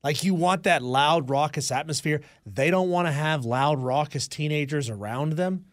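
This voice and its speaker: A man's voice: fairly high pitch, moderate pace, no room sound. A man co-hosting a sports talk radio show in a studio, opinionated and teasing. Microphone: studio microphone.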